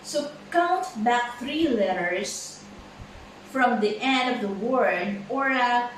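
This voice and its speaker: A woman who teaches English pronunciation gives a slow classroom lesson in a room with echo. Her voice sits on the high side and sounds expressive, though she's far from the mic and there's slight background noise. She speaks haltingly, with many fillers and repeated words.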